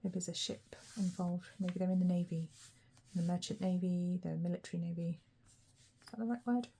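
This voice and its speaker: A woman's voice: lowish voice, fairly even intonation, brisk, creaky, warm tone, slightly rough. A woman giving a chatty, casual pick-a-card tarot reading, thinking aloud and laughing lightly as she goes. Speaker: tarot reader.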